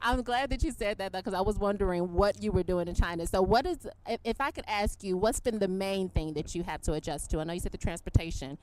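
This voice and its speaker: A woman's voice: mid-range voice, quick pace, few pauses, a little mellow, rough recording. A woman from Indiana hosting an interview, upbeat and encouraging, laughing often between questions. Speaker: podcast host. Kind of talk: casual interview chat.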